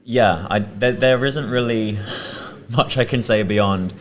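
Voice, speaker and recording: A man's voice: fairly low pitch, takes it slowly. A man as a guest in a casual interview, talking modestly about winning. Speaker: guest, pitch winner.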